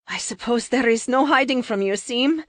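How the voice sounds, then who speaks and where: A kind, humble policewoman speaks in careful, formal phrasing, as a woman voices her. Her voice sits a little higher than the narration, close and dry. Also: normal speed, no echo, close to an everyday voice. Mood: sad. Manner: polite and formal.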